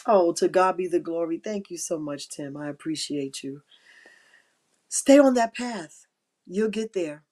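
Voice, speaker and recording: A middle-aged woman with a somewhat low voice hosts an inspirational faith talk on a live stream. She speaks in a heartfelt, encouraging way and repeats her key phrases. She sounds emotional and close to tears. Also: lively intonation, measured pace, darkish tone. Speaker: livestream host.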